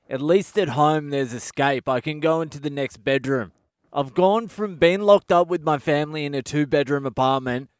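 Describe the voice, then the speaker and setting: A man's voice: fairly high pitch, darkish tone, clear, resonant tone, no room sound, clean studio sound. An Australian man hosting a comedy podcast, telling stories in a blunt, sweary, exasperated rant from a budget hotel room.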